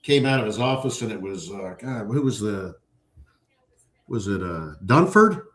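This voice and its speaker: A man's voice: fairly low pitch, moderate pace. A man, a Marine veteran, telling swear-laden stories in casual chat. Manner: profane, animated storyteller.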